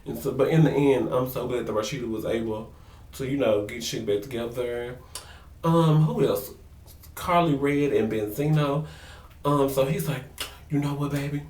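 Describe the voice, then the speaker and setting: A man's voice: medium pitch, normal speed, far from the mic. Sassy gossiping man, roomy echo. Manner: sassy, gossipy, animated impressions. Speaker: vlogger recapping a reality show. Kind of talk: casual chatty recap. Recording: roomy echo, a bit off-mic.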